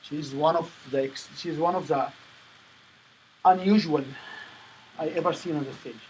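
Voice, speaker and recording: Man coaching with halting non-native phrasing. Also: a little high, a little mellow, slight background noise, poor audio. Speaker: presentation coach. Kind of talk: coaching session.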